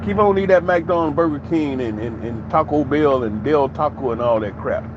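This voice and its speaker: A man's voice: fairly high pitch, normal speed, dull audio, background noise. A man giving an opinionated commentary monologue in an emphatic, preachy way, with many rhetorical questions. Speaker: commentary channel host.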